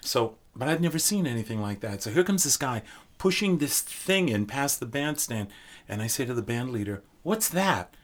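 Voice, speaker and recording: An older man, a drummer, telling stories as a guest in a casual podcast chat, animated and quick to laugh. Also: mid-range voice. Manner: animated storyteller, bursts into laughter.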